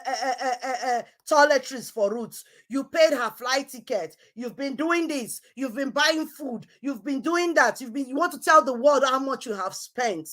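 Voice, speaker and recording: A woman's voice: high-pitched, a bit bright. A woman hosting an online show, scolding someone in a heated, repetitive rant. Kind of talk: heated live-stream rant.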